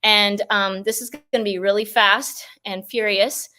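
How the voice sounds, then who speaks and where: A woman's voice: medium pitch, steady tone, unhurried, sharp tone. A woman hosting a live show, effusive and enthusiastic, laughing often as she talks. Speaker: show host. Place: outdoors near a mountain.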